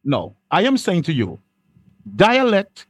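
A man's voice: high voice, huge pitch swings, slow, no room sound. A man hosting a panel discussion, insisting and repeating himself when cut off. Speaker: host.

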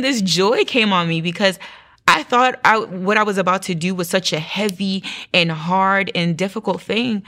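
A woman's voice: mid-range voice, moderate pace, bright, forceful tone. A young woman giving a personal testimony in an interview, telling her story with animation and acting out what she said back then. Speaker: guest sharing testimony.

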